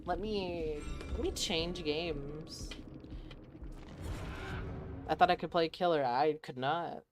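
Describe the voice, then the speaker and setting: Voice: medium pitch, slow, over music. A streamer from the United States talking casually while playing, laid-back, sheepish and slangy. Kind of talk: casual game stream talk.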